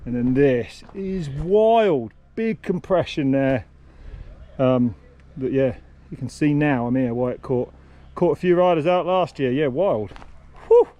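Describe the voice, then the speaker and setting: A man hosting a casual walkthrough of a race course, excitable and blunt, swearing and exclaiming as he goes. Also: medium pitch, a little slow, dull audio. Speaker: host walking a race course. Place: outdoors on a mountain bike course.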